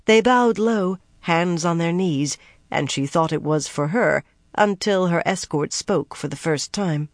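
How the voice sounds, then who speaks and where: An audiobook narrator reading a fantasy novel in an even, steady manner on a close studio mic. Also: medium pitch, unhurried, no echo.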